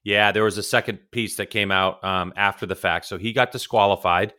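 A man's voice: on the low side, steady tone, a little fast, bright, forceful tone. A man co-hosting a racing podcast over a remote call, telling long, teasing stories in casual chat. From California. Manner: rambling storyteller, teasing. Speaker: podcast co-host.

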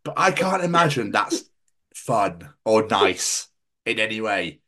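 A man's voice: fairly low pitch, sing-song, takes it slowly, a bit bright. A man co-hosting a podcast, joking in a rambling, sweary, silly way. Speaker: podcast co-host. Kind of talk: casual comedic chat.

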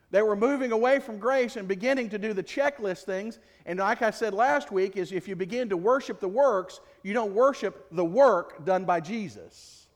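A man preaching a sermon as pastor, in a conversational, jokey way full of rhetorical questions. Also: high voice. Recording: long reverb of a large hall.

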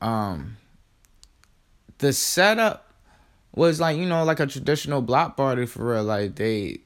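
A man's voice: medium pitch, a bit bright. A man casually telling a personal story on his podcast, in a slangy, laid-back way with lots of fillers.

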